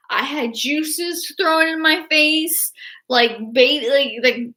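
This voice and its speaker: A young woman chatting excitedly in a casual livestream, rambling with restarts and laughter. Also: sits high, slow. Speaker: artist and horror-fan vlogger.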